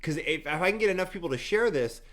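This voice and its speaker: A man's voice: on the high side, lively intonation, fast talker, fairly bright tone. Upbeat man hosting a live stream. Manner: upbeat promoter, casual. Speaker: host, rapper. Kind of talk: casual live-stream chat.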